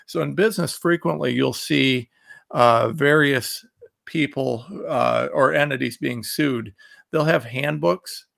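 Slow and gravelly, with a mid-range, slightly bright voice, the man rants on his political commentary show. The Ohio host reads quotes between angry insults in a fired-up monologue.

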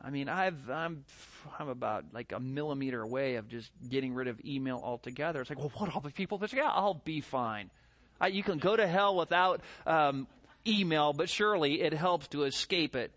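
Man, pastor, sermon, middle-aged, fairly high voice, very lively pitch. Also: moderate pace. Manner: animated preaching, mimicking voices, rhetorical questions.

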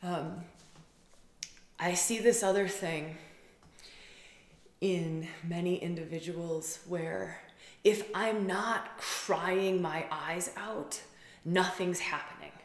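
A woman with a slightly low voice talks in a loose, rambling monologue, piling up repeated words for emphasis. The sound is roomy and echoey. She sounds intimate, as though she is speaking to a small group of students. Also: steady tone, slow pace. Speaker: spiritual facilitator. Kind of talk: casual monologue.

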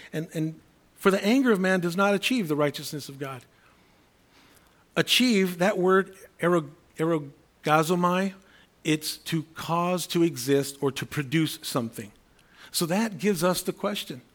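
A man preaching a sermon in a conversational way, often acting out the voices of imagined people. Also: fairly high pitch.

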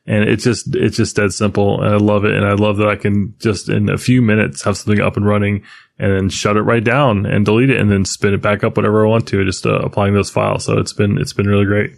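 A man's voice: lowish voice, level tone, quick pace, vocal fry. A man co-hosting a casual tech podcast, chatting and laughing as he rambles about his projects. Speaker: podcast co-host.

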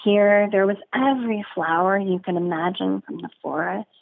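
A woman telling a folk story in a slow, deliberate way, dwelling on sensory detail. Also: mid-range voice, gravelly. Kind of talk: told folk story, guided narration. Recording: narrow phone-like sound, dry.

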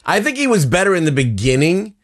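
Rambling, lively-voiced man who swears. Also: a little high, fast talker. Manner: rambling, swears freely, fills talk with "like". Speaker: podcast co-host. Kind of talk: casual movie review chat.

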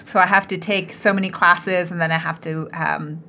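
A woman's voice: on the low side, steady tone, moderate pace, pushed and bright, slight background noise. A woman with an American accent co-hosting a podcast in casual chat, mixing Japanese into her English. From United States. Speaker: podcast co-host.

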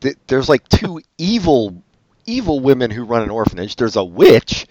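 A man's voice: medium pitch, very animated, moderate pace, darkish tone, dry recording, rough recording. A man in casual chat, picking apart a movie with wry complaints.

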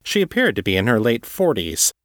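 A man narrating a fantasy story as an audiobook reading, in a measured, even storytelling manner. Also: mid-range voice, dry recording, studio quality.

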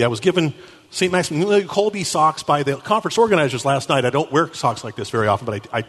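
A man giving an animated storytelling talk at a Catholic conference, acting out the people he quotes. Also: on the high side, fast. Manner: animated, acts out quotes with shifting voices. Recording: echoey hall.

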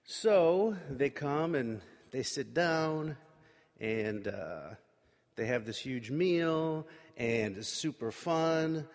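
A man retelling a Bible story in a loose, chatty way, with plenty of ums and quick acted-out quotes. His voice sits in the middle range and rings out with a long reverb from a big room. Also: mid-range voice, lively intonation. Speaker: Bible teacher.

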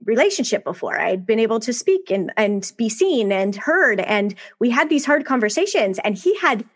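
A woman in her thirties, a podcast guest, telling her story in a candid, animated conversational way. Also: on the high side, moderate pace, breathy edge.

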